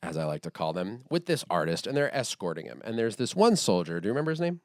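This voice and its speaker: A man's voice: fairly low pitch, big pitch swings, quick pace, dry recording, clean studio sound. A man co-hosting a podcast, retelling a movie plot in casual chat with rambling fillers. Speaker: podcast co-host.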